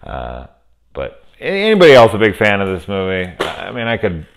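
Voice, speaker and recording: A man's voice: low-pitched, huge pitch swings, moderate pace, gravelly, a little hiss or hum. A man casually reviewing a horror film on camera, rambling, swearing freely and gushing with enthusiasm. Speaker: movie reviewer. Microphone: camera setup at home.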